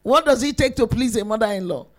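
A woman delivers a sermon to women in a high voice. She is emphatic and lively, swinging between soft asides and shouted peaks. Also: fast. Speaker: preacher.

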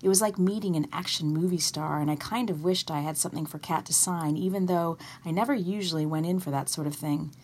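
A woman author reading aloud from her own novel in a measured storytelling way. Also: sits low, a little mellow, breathy edge.

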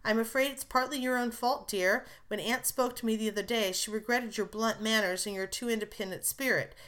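Woman reading calm kind mom, gentle but firm. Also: on the high side, fairly quick, close to an everyday voice. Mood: sorrowful. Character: gentle, calm mother of grown daughters.

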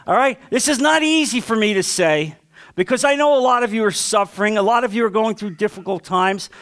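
A male pastor preaching a sermon with passion, asking the congregation questions and swinging from loud to hushed. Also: sits high, expressive, fairly quick, clean tone.

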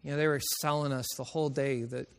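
Recorded in a college chapel with long reverb, this middle-aged preacher speaks fast in a smooth, mid-range, steady voice. He shares personal stories in his sermon, growing emotional and laughing frequently.

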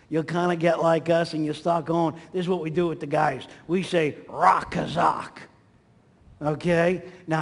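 Animated preacher man, echoing hall. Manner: animated, acts out quotes with swings in pitch and volume. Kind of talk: sermon. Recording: long hall reverb.

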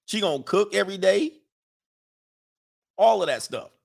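A man with a slightly high voice and a gravelly, frayed edge riffs casually and comically while reading viewer comments. He talks in crude slang and breaks into laughter often. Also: expressive, normal speed. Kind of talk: casual comedic riffing.

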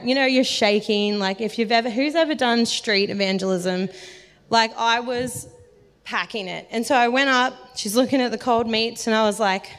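A woman's voice: fairly high pitch, brisk, fairly bright tone. A woman preaching a sermon, telling self-deprecating stories in a chatty way and laughing often. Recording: long hall reverb.

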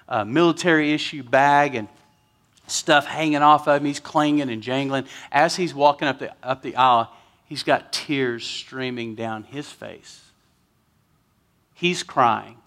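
Pastor telling a story in a sermon. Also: male voice, medium pitch, a bit bright. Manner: storytelling, emotional, chokes up.

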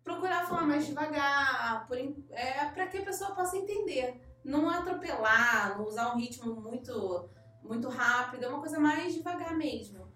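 A woman's voice: sits high, expressive, fairly quick, pushed and bright. A woman from Brazil, co-hosting and recapping a guest's tips in casual explanation. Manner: recaps and translates the guest's points. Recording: very echoey room, distant mic.

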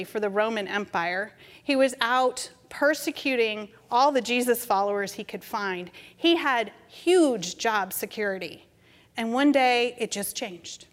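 A middle-aged woman with a somewhat high voice delivers a conversational sermon. She speaks gently and without hurry, telling stories that lead into her message. Her words ring out with a long reverb, as if spoken in a large church sanctuary. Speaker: preacher. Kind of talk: storytelling sermon. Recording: reverberant hall.

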